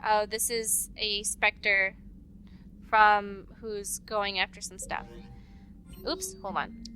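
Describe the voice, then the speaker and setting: A woman's voice: mid-range voice, flat delivery, slow pace, bright, forceful tone, slight background noise. Chatty giggly woman playing a game. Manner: chatty, giggly, theorizing aloud. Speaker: let's play co-host. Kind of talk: casual gaming chat.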